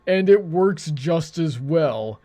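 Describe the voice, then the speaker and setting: Male debate host, earnest and halting, with a slightly high voice. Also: expressive, warm tone. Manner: earnest, halting, restarts his sentences. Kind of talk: casual debate.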